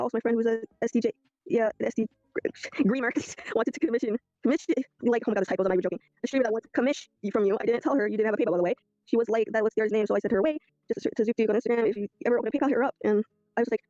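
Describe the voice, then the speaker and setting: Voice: medium pitch, racing, dark tone, no room sound, dull audio. A video creator rambling through a dispute, reading old messages aloud. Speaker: video creator telling a story. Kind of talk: casual storytelling recap.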